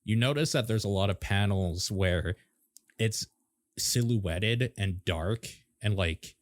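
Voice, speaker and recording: A man with a low voice chatting on a podcast in a relaxed, offhand manner, swearing now and then. The recording is dry and close, with no room sound. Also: slow pace, dry recording. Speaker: podcast co-host. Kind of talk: casual chat about a comic.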